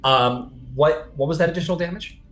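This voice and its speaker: A man's voice: a little high, brisk, a bit bright, roomy sound, low-quality recording. A man running a tabletop game as game master, narrating loosely with lots of fillers and the odd swear.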